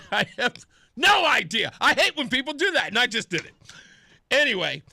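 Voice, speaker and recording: A man's voice: extremely high pitch, very animated, moderate pace, creaky, bright, forceful tone, no echo. A middle-aged man hosting a radio talk show, chatting and telling stories casually and laughing at himself. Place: radio studio.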